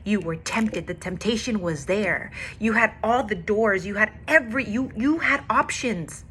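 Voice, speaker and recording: A woman's voice: medium pitch, unhurried, fairly bright tone, a little hiss or hum. A woman with a daughter telling a candid, emotional faith testimony in a personal vlog. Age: adult with a daughter. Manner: candid, confessional, emotional storytelling. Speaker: faith vlogger.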